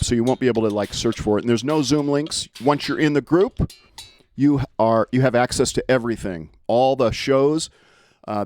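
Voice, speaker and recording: A man hosting a casual livestream chat, excitable and repeating phrases for emphasis. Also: medium pitch. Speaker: host.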